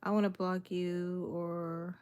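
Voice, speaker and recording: Her voice runs on the low side, level and slow, with a darkish, clear, resonant tone. She's a young cooking livestreamer from Miami, Florida, casually reading comments and calling out viewers by name in a sassy, easygoing manner.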